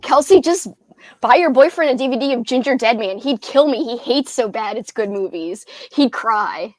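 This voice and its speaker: Chatty young woman, higher voice. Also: expressive, moderate pace, no echo. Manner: chatty, giggly, reads viewer comments aloud. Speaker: booktube livestream host. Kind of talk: casual livestream chat.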